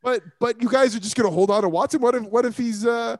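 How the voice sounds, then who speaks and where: A man's voice: extremely high pitch, quick pace, darkish tone, no echo. A man hosting a casual sports talk show, joking and laughing often.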